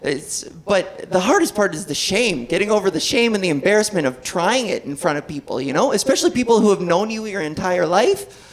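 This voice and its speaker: Animated trans woman doing stand-up. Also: mid-range voice, brisk, low-quality recording. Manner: animated, self-deprecating, swears freely, laughs at own jokes. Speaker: stand-up comedian. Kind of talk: stand-up comedy set. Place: comedy club stage. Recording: live club audience laughing.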